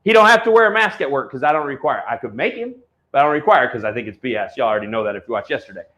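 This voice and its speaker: A man's voice: mid-range voice, lively intonation, rapid-fire, lo-fi sound. A man, hosting an online auction show and ranting bluntly at viewers, swearing freely. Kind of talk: ranting casual talk to viewers.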